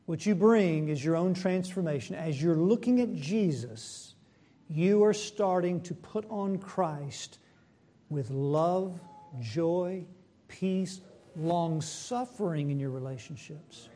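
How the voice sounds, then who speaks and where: A man preaches a sermon at a slow, deliberate pace, his voice sitting high yet soft and mellow in tone. He poses rhetorical questions to the congregation, rising sharply in pitch and force to drive a point home, then sinking back low and quiet. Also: expressive. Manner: builds in pitch and loudness when pressing a point, then drops low and soft.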